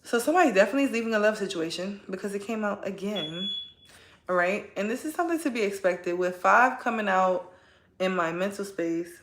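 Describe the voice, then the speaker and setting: A woman's voice: mid-range voice, echoey room. A woman giving a casual spoken tarot reading, chatty and rambling, often tagging her points with a question. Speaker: tarot reader.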